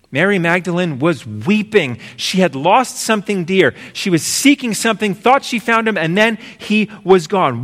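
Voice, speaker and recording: A man preaching a sermon as pastor, using rhythmic repeated phrases and swinging between emphatic and hushed delivery. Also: high voice, in a large hall.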